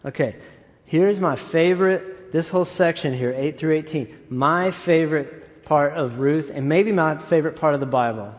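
A man's voice: on the high side, normal speed. Conversational man preaching in a hall. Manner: conversational, enthusiastic preaching with asides. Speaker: pastor. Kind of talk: sermon. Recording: echoey hall.

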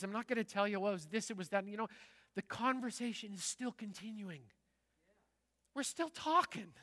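A middle-aged man, a pastor, preaching a sermon in a large church, telling stories in a lively, conversational way. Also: high-pitched, long reverb tail. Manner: conversational storytelling, lively and animated.

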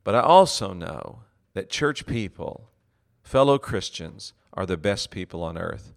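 Earnest low-voiced middle-aged pastor. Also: male voice, lively intonation, vocal fry. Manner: earnest and heartfelt, with frequent "uh" pauses. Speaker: pastor and ministry leader. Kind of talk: reflective teaching talk.

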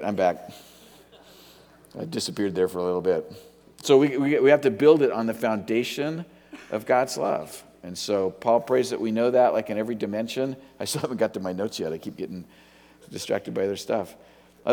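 A man's voice: fairly low pitch, a little mellow. A middle-aged man preaching a sermon as a pastor, casual and joking, often wandering off topic. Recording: long hall reverb.

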